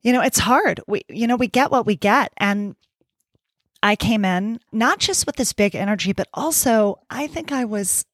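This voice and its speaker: A woman's voice: mid-range voice, expressive, normal speed, a bit bright, no room sound. Candid, heartfelt woman podcaster in her forties. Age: 40s. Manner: candid and heartfelt, swears casually, laughs often. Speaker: podcast host. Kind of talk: personal reflective podcast monologue.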